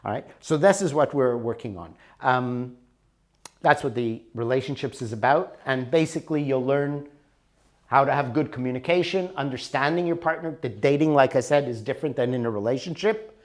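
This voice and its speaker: A man's voice: mid-range voice, normal speed. A middle-aged man teaching a workshop in a conversational, storytelling way with rising and falling emphasis. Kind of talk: recorded workshop talk.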